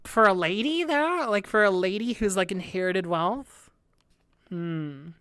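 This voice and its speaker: A woman's voice: medium pitch, animated, unhurried, fairly bright tone, clear, resonant tone, no echo, clean studio sound. A young woman streaming a music reaction, thinking aloud with hesitant restarts, laughing and swearing as she reads lyrics.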